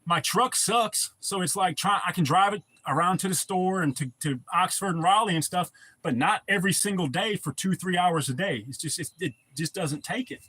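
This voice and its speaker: A man's voice: high voice, moderate pace, pushed and bright, breathy edge, dry recording. A man chatting casually on a livestream, rambling and profane as he answers viewer comments. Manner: rambling, profane, laid-back. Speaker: livestream host.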